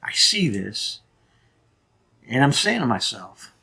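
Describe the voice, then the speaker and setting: Vlog host, man in his 50s, husky voice, earnest and emphatic storyteller. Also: mid-range voice, very animated, takes it slowly, pushed and bright. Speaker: channel host.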